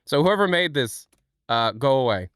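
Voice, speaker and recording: A man's voice: moderate pace, clean tone, no echo. A man hosting a live stream in casual chat, thanking viewers and swearing freely. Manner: animated, swings pitch, thanks viewers, swears. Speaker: livestream host.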